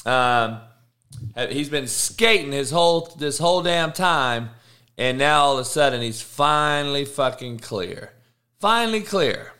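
A man's voice: mid-range voice, measured pace, sharp tone. A man hosting a sports betting show, reading injury news in a casual, offhand way with frequent swearing. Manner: profane, offhand, reads news aloud.

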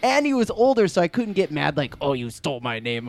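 A man's voice: sits high, brisk, no room sound. A man co-hosting a podcast, telling stories in a casual chat, laughing often and acting out the voices of people in them. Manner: animated storyteller, laughs often, acts out voices. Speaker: podcast co-host.

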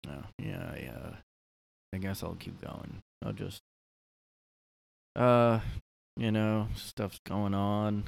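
A man with a fairly low voice rambles through his own solo podcast. He talks loosely, packs his sentences with fillers, and has a wry, sardonic edge. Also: expressive, takes it slowly, vocal fry, long pauses, a little hiss or hum. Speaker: podcast host. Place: his room.

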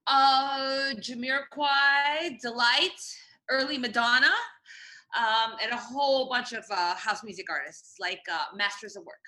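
A woman being interviewed as a magazine editor, talking in a lively, casual way and laughing often. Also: on the high side, unhurried.

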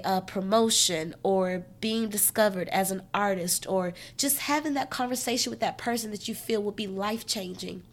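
A woman hosting a solo podcast, giving emphatic, conversational life advice with lots of repetition. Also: medium pitch. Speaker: podcast host. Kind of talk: motivational solo podcast talk.

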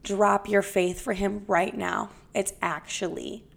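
A blunt female psychic who scolds without holding back, as a woman acts her out. Her voice has a gravelly, fry-tinged texture. It sits at a middling pitch for a woman. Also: fairly even intonation, slow pace, heavily acted. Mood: stern. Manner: scolding and direct. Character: blunt, stern female psychic reading cards.

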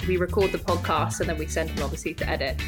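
A woman's voice: sits low, steady tone, quick pace, over music. A young woman co-hosting a podcast, chatting casually and laughing often. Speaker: podcast co-host. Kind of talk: casual chat.

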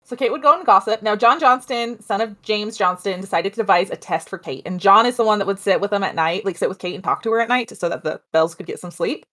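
A woman's voice: mid-range voice, fast, few pauses. A woman co-hosting a podcast, casually retelling a ghost legend with chatty asides. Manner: chatty, animated, with asides and laughs. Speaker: podcast co-host telling a story. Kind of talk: casual storytelling chat.

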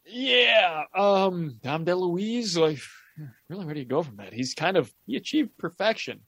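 A man's voice: sits high, lively intonation, a little slow, creaky, fairly bright tone. A man co-hosting a podcast, recapping a movie plot with wry, joking commentary. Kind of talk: casual comedic movie commentary.

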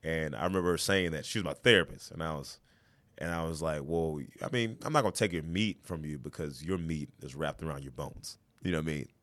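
Comedian guest, man, deep voice, emphatic and lively in conversation. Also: a little fast. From United States. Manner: animated, emphatic storytelling with quoted voices. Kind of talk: casual chat.

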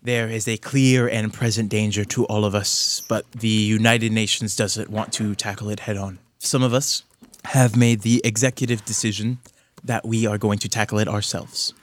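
A man's voice: lowish voice, fairly even intonation, normal speed, natural voice. A man voicing a stern secret-society leader woman. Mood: grave.

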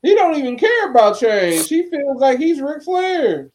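A man's voice: very high voice, sing-song, unhurried, darkish tone. A man co-hosting a casual wrestling podcast, laid-back, dismissive and profane. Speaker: podcast co-host.

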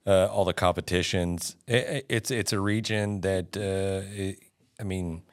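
Low voiced co-host dude, stumbles over his words a lot. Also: steady tone. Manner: halting, stammering restarts. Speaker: podcast co-host. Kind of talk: casual chat.

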